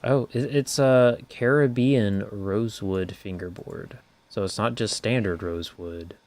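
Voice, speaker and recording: Lower-voiced man trading podcast banter. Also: unhurried, a little mellow. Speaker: podcast co-host. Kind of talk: casual gear-talk chat.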